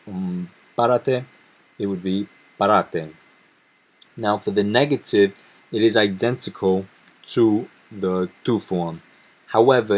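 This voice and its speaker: A man teaching a language lesson, explaining grammar step by step and reading example sentences aloud. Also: fairly low pitch. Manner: methodical, reads Spanish examples aloud between English explanations. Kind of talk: explaining grammar over slides.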